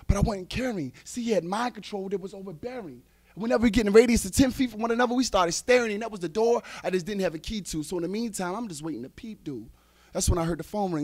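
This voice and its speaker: A man performing spoken-word poetry on a live slam stage, dramatic and swinging from hushed to loud. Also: high voice, no echo. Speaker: slam poet.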